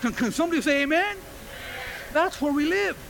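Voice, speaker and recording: A man pastor preaching a sermon to a congregation, animated, acting out quoted voices and firing rhetorical questions at the room. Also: very high voice, fairly quick, gravelly, slight background noise. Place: church before a congregation.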